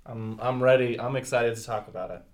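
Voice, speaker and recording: A man's voice: mid-range voice, level tone, brisk. Playful male podcast host. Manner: playful, jokey, laughs often. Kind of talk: casual chat.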